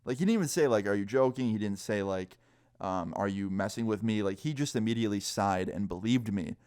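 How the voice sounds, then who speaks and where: A young man casually telling a story time, animated and swearing, acting out what people said. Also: fairly low pitch, brisk, smooth, no room sound, clean studio sound. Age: young adult. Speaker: storyteller vlogger.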